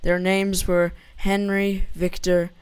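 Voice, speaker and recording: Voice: medium pitch, level tone, slow pace, smooth, no room sound. A young gamer rambling and giggling through casual gameplay commentary and a joke story, on a headset or desk mic.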